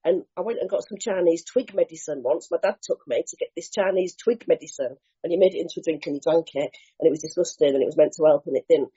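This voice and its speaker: A woman sharing her recovery story at a meeting, candid and lively, acting out scenes with slang and the odd swear. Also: low-pitched, fast, hardly any pauses, husky. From Bristol, England. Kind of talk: animated personal storytelling. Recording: dull lo-fi meeting recording.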